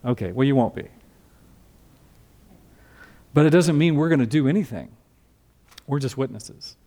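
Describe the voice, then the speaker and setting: A man's voice: mid-range voice, animated, moderate pace, warm tone. An older man preaching a sermon as a pastor, teaching from scripture in a conversational way and asking the congregation questions.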